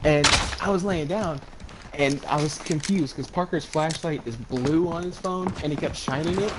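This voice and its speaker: A man's voice: fairly high pitch, normal speed. A young man casually telling funny stories to friends, laughing through them as he goes. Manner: laughs through his own stories, loose and rambling. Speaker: podcast co-host. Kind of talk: casual storytelling among friends. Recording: loud background noise.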